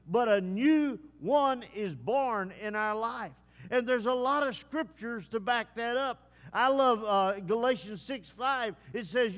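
A man preaching a sermon to his congregation in a folksy way, with many pauses and "uh" fillers. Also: very high voice, a bit bright. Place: church service. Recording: long hall reverb.

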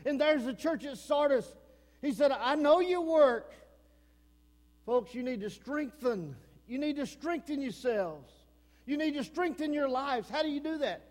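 A man with an East Texas accent preaching a fiery sermon as pastor, swinging between shouted warnings and low, earnest pleading. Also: lively intonation, measured pace. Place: church sanctuary. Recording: long hall reverb.

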